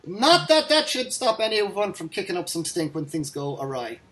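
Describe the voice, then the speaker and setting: Chatty Irish man, a touch high. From Ireland. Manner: chatty, excitable, quick to laugh and rant. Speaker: podcast host. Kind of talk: casual chat.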